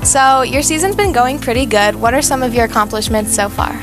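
A teenage girl interviewing classmates, cheerful and quick. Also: on the high side, over music. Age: teens. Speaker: student interviewer.

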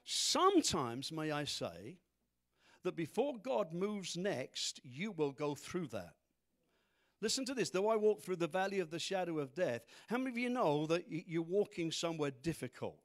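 A man preaching a sermon as pastor to a congregation, full of rhetorical questions. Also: high-pitched. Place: church congregation.

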